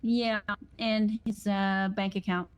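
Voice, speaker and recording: A woman chatting in a roleplay game, speaking haltingly and trailing off. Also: medium pitch, level tone, darkish tone, smooth. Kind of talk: casual in-character roleplay chat.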